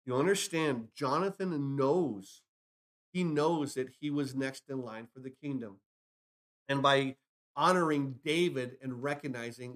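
A man's voice: mid-range voice, a little slow. A man preaching a sermon, building emphasis with rhetorical questions and retelling scripture stories. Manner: acts out scripture dialogue in retellings. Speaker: pastor.

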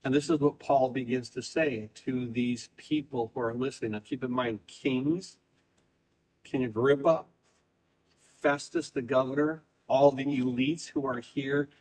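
A man preaching a sermon, emphatic and repetitive, reading scripture aloud and swinging between quick bursts and slow, drawn-out phrases. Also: medium pitch, steady tone, a little mellow, poor audio. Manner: emphatic preaching, speeding up and slowing down, repeating phrases. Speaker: pastor.

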